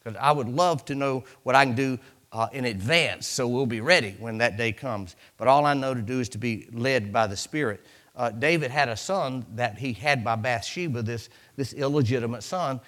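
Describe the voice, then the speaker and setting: A man's voice: medium pitch, normal speed, a bit bright. A man preaching a sermon in a church, chatty and conversational, acting out asides and breaking in with hallelujahs. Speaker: pastor.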